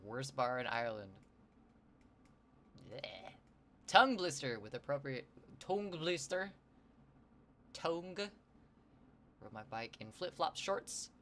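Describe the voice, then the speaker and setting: Bright-voiced man chatting while sketching. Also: medium pitch. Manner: rambling, jokey, talks to chat. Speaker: streamer. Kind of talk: casual livestream chat while sketching.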